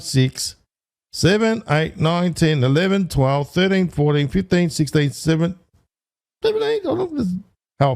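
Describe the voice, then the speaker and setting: Man, high-pitched, excitable, casual online commentary, counts aloud, corrects himself. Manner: excitable, addresses viewers as ladies and gentlemen. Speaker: online video host.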